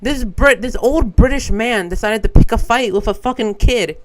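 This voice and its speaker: A young man with a high voice, a streamer from Brazil whose first language is Portuguese. He tells a story in a loose, animated way and swears freely. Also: normal speed, rough recording. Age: young adult. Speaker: vtuber streamer. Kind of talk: casual storytelling.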